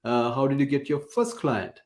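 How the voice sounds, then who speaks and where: A man's voice: mid-range voice, big pitch swings, normal speed, a little mellow. A man hosting a webinar, hesitant and full of fillers, reading out audience questions. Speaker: webinar host. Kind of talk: webinar moderation.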